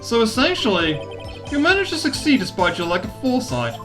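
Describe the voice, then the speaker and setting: A woman voicing a cool, sharp male prosecutor who asks measured, probing questions. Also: on the high side, wildly swooping pitch, music in the background, pitched above the performer's own voice.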